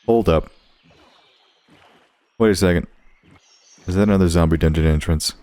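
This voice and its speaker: A man giving casual, jokey gameplay commentary, animated and quick to yelp at his mishaps. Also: sits low, no room sound. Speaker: gaming creator.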